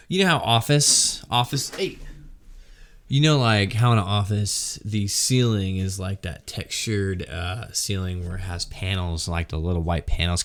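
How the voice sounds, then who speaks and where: A man telling a rowdy story casually, laughing often and peppering it with swearing. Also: lowish voice. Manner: animated, laughs often, swears and says "freaking".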